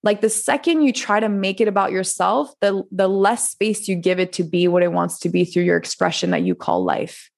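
A woman's voice: medium pitch, moderate pace, creaky, hardly any pauses. Chatty woman telling her story. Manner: rambling, animated, laughs often, many restarts. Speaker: podcast guest, coach. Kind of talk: casual interview storytelling.

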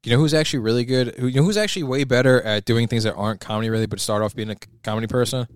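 A man's voice: mid-range voice, racing, clean tone, no room sound, studio quality. A man co-hosting a casual chat, rambling through ideas with playful sarcasm.

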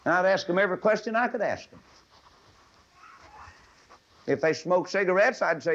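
A man's voice: high-pitched, expressive, normal speed, long pauses, fairly bright tone. A man preaching a fervent, folksy sermon to a live audience, swelling into emphatic pleading. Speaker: radio preacher. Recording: dull lo-fi old radio broadcast.

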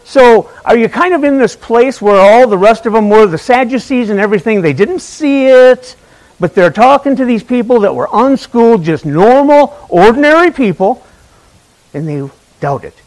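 A man's voice: very high-pitched, animated, moderate pace, darkish tone, low-quality recording. A man preaching an Easter sermon in a conversational way, asking the congregation questions and telling a funny personal story. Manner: tells a personal story with humor.

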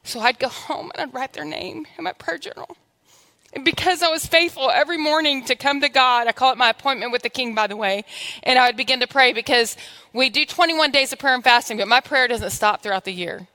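A woman's voice: high-pitched, brisk, bright, forceful tone. A woman pastor giving a conversational, humorous sermon in church, exhorting her congregation.

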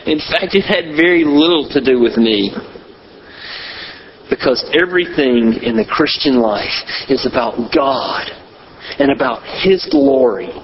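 A man preaching a sermon as pastor, in a measured style with emphatic pauses. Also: mid-range voice, expressive, creaky, lo-fi sound, noisy background.

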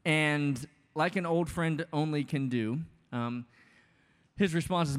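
A man's voice: fairly high pitch, steady tone, slow pace, clean tone. A man in his thirties, a pastor preaching a sermon in a casual, joking, conversational way with many asides. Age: 30s. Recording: long hall reverb.

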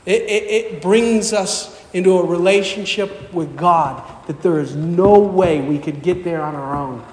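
High-voiced preacher in an echoing hall. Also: male voice. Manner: fervent, repetitive preaching cadence. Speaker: pastor. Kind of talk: sermon. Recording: echoey hall with long reverb.

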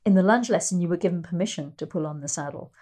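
A woman's voice: fairly low pitch, fast, dark tone. A middle-aged woman and riding teacher giving an instructional talk, explaining ideas through anecdotes. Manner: explanatory, storytelling, acts out quoted voices.

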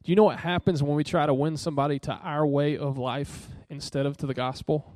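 A man's voice: a little high, steady tone, brisk, darkish tone, dry recording, clean studio sound. A young man preaching a sermon in an earnest, conversational way, asking listeners direct questions.

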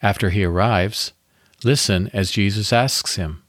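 Low-voiced man leading a Bible meditation. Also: no room sound, clean studio sound. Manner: calm, measured reading with pauses. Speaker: devotional podcast host. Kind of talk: scripted guided Bible meditation.

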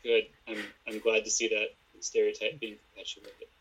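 A man co-hosting a casual podcast, giving dry, deadpan critiques and citing timestamps. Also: fairly low pitch, normal speed, a little hiss or hum, rough recording. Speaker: podcast co-host. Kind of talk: casual episode recap chat.

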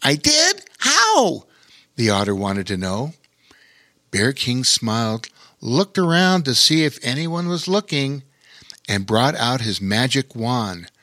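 A man narrating a children's story with lively, expressive delivery. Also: medium pitch, measured pace, dry recording, clean studio sound.

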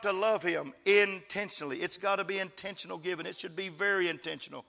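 A man preaching a fervent sermon as pastor, repeating phrases and swinging from quiet asides to loud praise. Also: high voice, fairly even intonation, fast, vocal fry, hardly any pauses, in a large hall. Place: church.

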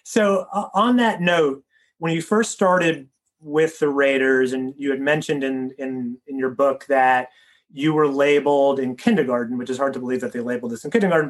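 A man in his thirties interviewing a guest, asking long rambling questions with frequent restarts. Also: on the high side. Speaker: interviewer, teacher.

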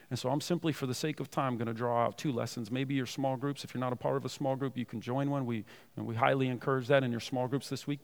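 A male pastor delivers an earnest sermon in a mid-pitched voice with a gravelly edge. He reads scripture with force, then drops to soft, tender tones as he explains it.

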